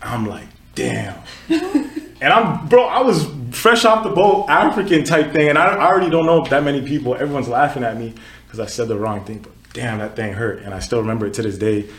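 A Nigerian-born man in his twenties hosts a casual podcast, spinning relaxed stories packed with filler words. His mid-range voice moves fairly quickly, and the room adds reverb.

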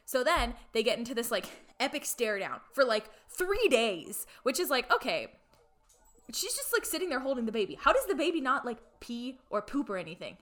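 A woman's voice: a little high, big pitch swings, moderate pace, fairly bright tone. A woman in casual chat retelling a story, full of "like" fillers and playfully irreverent asides.

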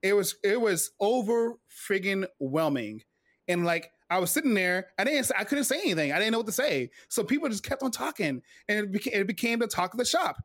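A man in his forties, a retired Navy veteran, telling a personal story in a casual interview, animated and full of fillers and restarts. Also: high voice, a little fast, no room sound, clean studio sound.

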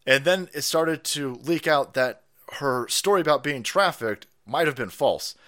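A man's voice: on the high side, a little slow, bright, forceful tone. A man hosting a stream, ranting in profane commentary, laughing and mocking people in put-on voices. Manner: foul-mouthed, laughing, mocking impressions. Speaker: streamer host.

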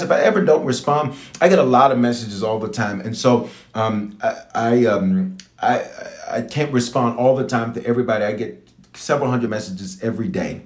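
A man's voice: mid-range voice, echoey room. A man preaching a sermon as a bishop, teaching and praying and repeating phrases for emphasis. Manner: animated preaching, repeats phrases for emphasis, talks to online viewers. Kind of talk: live-streamed sermon and prayer.

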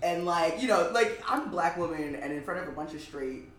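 A woman comedian from Brooklyn, chatting on a podcast as a guest, telling lively stories and mimicking people as she goes. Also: lowish voice, a little fast, roomy sound, low-quality recording. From Brooklyn, New York. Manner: animated, laughing storyteller, mimics people. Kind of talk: casual podcast chat.

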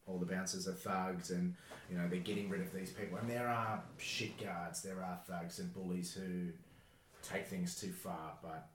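A man's voice: low voice, fairly even intonation, moderate pace, roomy sound, a little hiss or hum. A man hosting a casual podcast, talking in an opinionated, reflective way. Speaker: podcast host.

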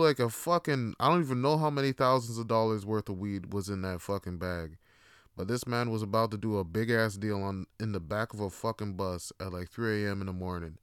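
Brief: young male host, casual storyteller, bright tone, dry close sound. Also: mid-range voice, lively intonation, brisk, clear, resonant tone, no echo. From Toronto, Canada. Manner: profane, laughing anecdotes; acts out other people's lines. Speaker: podcast host.

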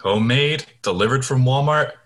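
A man's voice: medium pitch, moderate pace, fairly bright tone. A young man co-hosting a podcast, laid-back with dry jokes and casual swearing. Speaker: podcast co-host. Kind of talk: casual chat.

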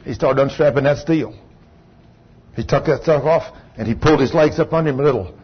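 A man preaches with emphatic, folksy storytelling. His voice is husky and sits somewhat high. The recording is dull and lo-fi. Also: a little fast. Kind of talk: sermon.

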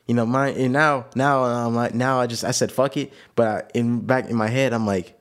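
A man's voice: mid-range voice, normal speed, few pauses. A young man co-hosting a casual podcast, telling a rambling story with lots of slang and repeated phrases. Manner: animated, slangy, repeats himself. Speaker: podcast co-host.

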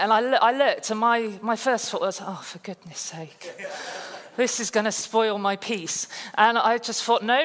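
A woman from the South Coast of England giving a chatty testimony talk as a guest speaker, telling stories in a lively, self-deprecating way. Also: on the high side. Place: church hall. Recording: reverberant hall.

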